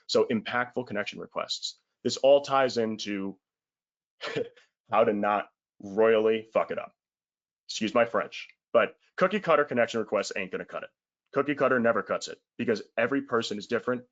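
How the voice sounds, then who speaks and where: A man's voice: fairly low pitch, a bit bright, dull audio. A man giving a casual webinar sales talk, blunt and emphatic, in colloquial words with the odd swear.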